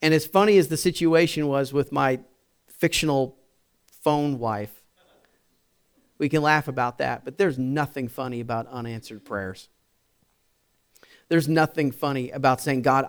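A man's voice: medium pitch, moderate pace, pauses often, clean tone. A man preaching a sermon, telling a personal story in a chatty way with fillers and restarts, building to emphatic repeated phrases. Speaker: pastor.

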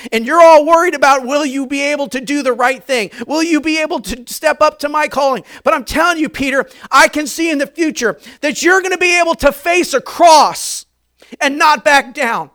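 A male pastor preaching a sermon, retelling a scene dramatically and switching between quiet, intimate passages and loud, urgent ones. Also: extremely high pitch, brisk, hardly any pauses. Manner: dramatic, acts out voices of biblical figures, swings from soft to loud.

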